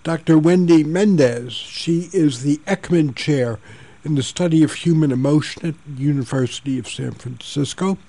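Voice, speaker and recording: Gravelly-voiced older male radio host. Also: on the high side, normal speed, no echo. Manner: gentle storytelling. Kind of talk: radio talk show.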